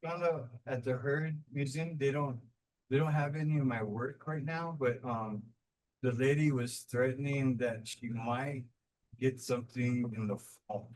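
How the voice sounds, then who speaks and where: A man from New Mexico, an artist guest talking casually on a video call, relaxed and rambling with many fillers and repeated words. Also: medium pitch, unhurried, poor audio. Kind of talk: casual online talk.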